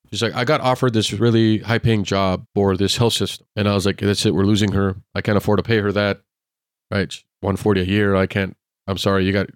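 A man's voice: fairly low pitch, no room sound, clean studio sound. A man, a former police officer and podcast guest, telling casual stories and acting out the lines of the people in them. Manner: acts out quoted dialogue in lively anecdotes. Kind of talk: casual storytelling in conversation.

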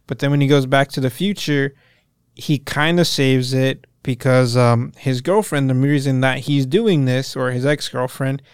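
A young man co-hosting a podcast, casually recapping a show in a profane, animated way and acting out the characters' lines. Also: medium pitch, normal speed, smooth, no room sound, clean studio sound. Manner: profane, animated retelling with quoted voices. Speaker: podcast co-host.

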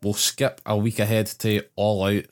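Scottish guy on a podcast, lowish voice, swears a lot, just chatting recaps. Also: little pitch movement, moderate pace, clean tone. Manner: sweary banter, running through recaps. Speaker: podcast co-host. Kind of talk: casual chat.

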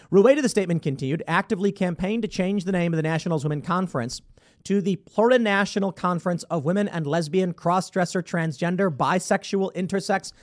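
A man giving casual, sarcastic commentary on news stories, reading passages aloud and reacting with incredulity. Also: sits high. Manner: sarcastic, incredulous, breaks into mock voices. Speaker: political commentator.

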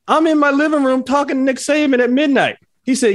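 A man chatting casually on a talk show, telling a lively story and voicing the people in it, often laughing. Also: very high-pitched, fairly quick, no room sound, clean studio sound. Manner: animated storyteller, voices his characters, laughs often. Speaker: podcast co-host, former football player.

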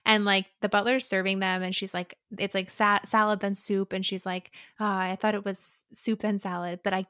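A woman's voice: mid-range voice, little pitch movement, moderate pace, bright, forceful tone, no room sound, studio quality. A young woman co-hosting a podcast, recapping a novel in casual chat with mock quotes of the characters. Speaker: podcast co-host. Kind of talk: casual book-club chat.

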